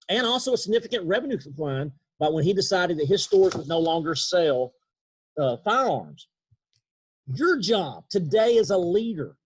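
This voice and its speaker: East texas guy doing a leadership talk over a video call, kinda raspy, emphatic. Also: high-pitched, a little mellow. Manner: earnest, emphatic, slows down for key points. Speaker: leadership speaker. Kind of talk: motivational webinar talk.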